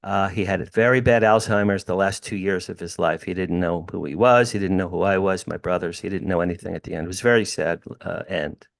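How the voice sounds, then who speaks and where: An older man from New Jersey tells his story with animation and emphasis, calling the host by name as he goes. His voice sits somewhat low, and he speaks from a room at home over a video call. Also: fairly even intonation, a little fast, creaky, few pauses. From New Jersey, USA. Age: 60s. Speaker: podcast guest. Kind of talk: storytelling in an interview.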